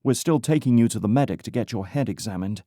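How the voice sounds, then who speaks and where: A man's voice: mid-range voice, expressive, fast, mellow, dry recording, clean studio sound, lightly acted. A man voicing a bold, teasing young woman with a British accent in an audiobook. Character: sassy, fiercely independent young woman rescuer.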